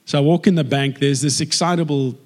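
Animated South African man telling a testimony. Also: a little high, a little fast. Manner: animated storyteller, acts out dialogue. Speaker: actor giving a faith testimony. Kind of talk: personal testimony talk.

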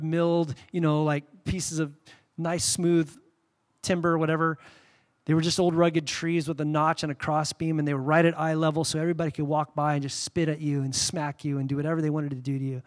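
A man preaching a sermon, telling stories candidly, with sudden loud bursts and quiet, reverent drops. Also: a little high. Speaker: pastor.

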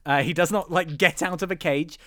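A man co-hosting a casual film podcast, talking in an animated way with loud emphatic outbursts and some swearing. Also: on the high side, brisk, no room sound, studio quality. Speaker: podcast co-host. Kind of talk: casual film review chat.

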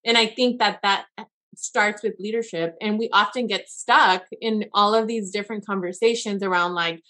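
A woman's voice: medium pitch, steady tone, normal speed, bright, forceful tone. A woman guest on a podcast interview who speaks thoughtfully and feels her way through her points. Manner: thoughtful, searching, many fillers and restarts. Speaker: guest, education consultant.

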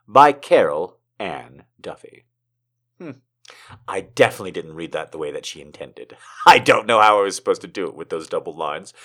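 A man reading poems aloud and joking between them, moving from slow dramatic recitation to fast, excited, profane banter. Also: low-pitched. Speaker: poetry reader. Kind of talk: casual poetry reading with commentary.

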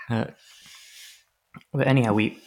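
A man's voice: medium pitch, fairly bright tone. A man co-hosting a podcast, chatting casually with dry, rambling asides. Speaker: podcast co-host. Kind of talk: casual chat.

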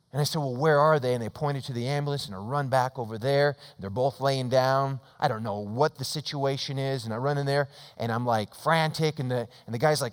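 A middle-aged man preaching a sermon as a pastor. He tells a story and moves between loud, emphatic lines and hushed ones. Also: mid-range voice, normal speed, clear, resonant tone. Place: church sanctuary. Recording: long reverb of a church hall.

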